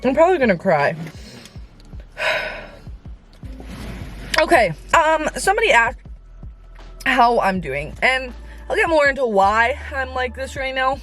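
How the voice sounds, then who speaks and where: A woman's voice: high voice, animated, slow pace, long pauses, a bit bright, soft background music. A young woman in her late teens vlogging from inside her car, rambling candidly as she vents to her viewers. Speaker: Christian influencer vlogger. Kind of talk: casual confessional vlog. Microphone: on-camera mic.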